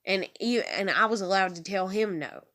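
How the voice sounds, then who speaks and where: A woman's voice: mid-range voice, expressive, normal speed, fairly bright tone. A young woman in a rambling, profane, emotional monologue, near tears as she talks from her bedroom. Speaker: vlogger. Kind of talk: emotional personal monologue to camera.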